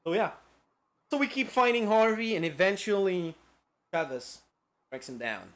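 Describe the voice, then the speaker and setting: A man's voice: high-pitched, very animated, normal speed. A man streaming a casual lecture-style game recap, rambling and profane with lots of filler words.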